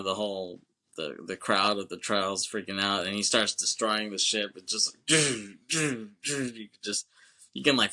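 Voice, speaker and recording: A man co-hosting a laid-back movie podcast, rambling through his thoughts and peppering them with "you know what I'm saying" and the odd curse. His voice sits a little low but carries a bright, forceful edge. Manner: swears casually. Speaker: podcast co-host. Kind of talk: casual film podcast chat.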